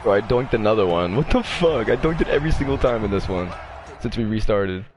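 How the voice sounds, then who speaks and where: A man chatting while playing a football game, excitable and swearing, often laughing. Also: lowish voice, fairly quick. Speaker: gamer. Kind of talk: casual gaming chat. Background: game music.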